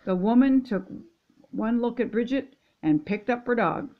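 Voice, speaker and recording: An older woman, a grandmother reading a children's picture book aloud in gentle, steady storytelling. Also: a little high, normal speed, muffled recording. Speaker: storybook reader.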